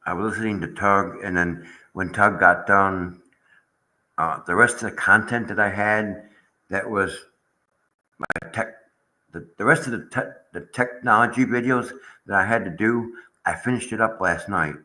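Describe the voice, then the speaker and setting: Bright-voiced aggrieved man hosting a stream. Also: lowish voice, moderate pace, low-quality recording. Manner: aggrieved, rambling, talks to chat viewers. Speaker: channel host. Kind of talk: casual livestream chat.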